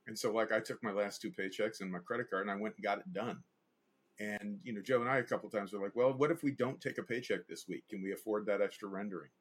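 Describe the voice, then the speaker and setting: A guest animator and director with a fairly low, slightly rough voice tells stories at a quick pace in a casual interview. He's an animated anecdote teller who acts out the voices of the people he quotes.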